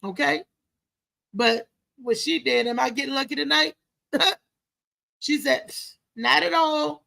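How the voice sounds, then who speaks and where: A woman's voice: high voice, measured pace, vocal fry, sharp tone. A middle-aged woman, hosting a live show in a chatty, emotional, preachy way. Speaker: host. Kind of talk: casual live show talk.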